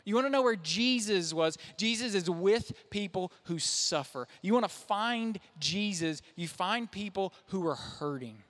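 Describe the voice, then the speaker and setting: High-voiced man preaching in a hall. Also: animated, unhurried, hardly any pauses, a bit bright. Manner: conversational, self-deprecating preaching. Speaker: pastor. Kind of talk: sermon. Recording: reverberant hall.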